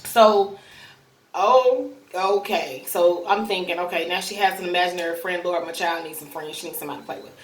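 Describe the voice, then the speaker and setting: A woman's voice: on the low side, fairly quick. A woman tells a personal story in a loose, chatty way, often stopping and starting again. She sits some distance from the mic, and her voice rings in a roomy space. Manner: chatty, rambling, with many fillers and restarts. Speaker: mother telling a personal story. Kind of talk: casual storytelling to camera.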